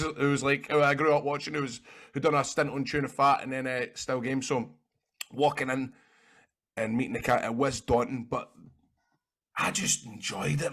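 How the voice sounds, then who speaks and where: A man with a Scottish accent, a guest in an interview, telling rambling, animated stories and swearing freely. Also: medium pitch. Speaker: interview guest, actor and wrestler. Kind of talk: casual anecdotal storytelling.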